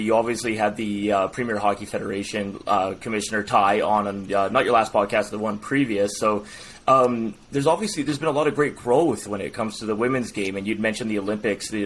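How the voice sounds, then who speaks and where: A man's voice: lowish voice, a little hiss or hum. A man co-hosting a podcast, talking enthusiastically but hesitantly, with many fillers. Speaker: podcast co-host. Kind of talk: casual interview chat.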